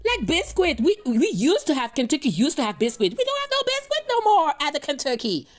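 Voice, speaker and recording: A woman's voice: sits high, wildly swooping pitch, a little fast, soft background music. A woman hosting a reaction video, chatting casually and rambling straight to her viewers. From Europe.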